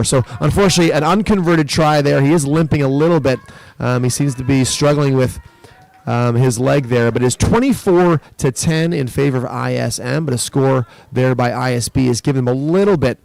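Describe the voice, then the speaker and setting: Gravelly male rugby commentator. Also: darkish tone. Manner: explanatory, lifts pitch and volume during play. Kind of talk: live sports commentary. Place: school sports event.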